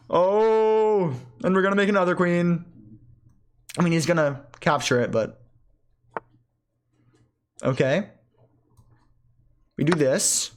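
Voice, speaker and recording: A chess player comments casually on their own game at home in a medium-pitched voice. They think aloud, correcting themselves quickly and breaking into bursts of excitement.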